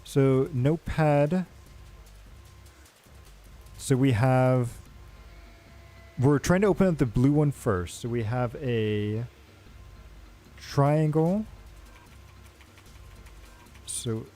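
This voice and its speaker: A man's voice: medium pitch, extremely slow, long pauses, warm tone, faint music behind. A man streaming a game, casually reading the story text aloud with asides. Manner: casual, with filler asides and restarts.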